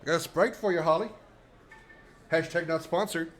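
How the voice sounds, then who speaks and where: A man's voice: fairly high pitch, moderate pace, low-quality recording. A man streaming a video game live, rambling and joking with his chat in casual commentary. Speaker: livestreamer.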